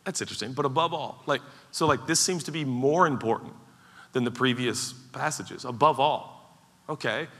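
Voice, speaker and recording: A man preaching a sermon as pastor, animated and playful, acting out mock voices as he goes. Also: medium pitch, normal speed. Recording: large hall with long reverb.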